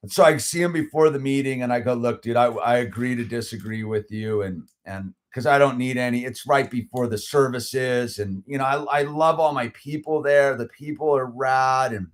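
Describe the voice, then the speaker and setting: A middle-aged man telling a story in casual chat, animated and heated, with lots of "dude" and "like" and many restarts. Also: fairly high pitch. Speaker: channel host.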